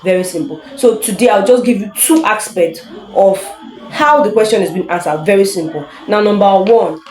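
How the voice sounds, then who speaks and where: Woman, English teacher for video lessons, mid-pitched, chatty and easygoing, recorded in an echoey room. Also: animated, darkish tone. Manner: chatty, laughs often, slow emphatic reading of examples. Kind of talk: casual online lesson.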